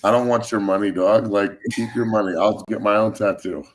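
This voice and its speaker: A man hosting a casual sports talk show, hoarse and blunt, swearing and joking. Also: on the low side, fairly even intonation, brisk.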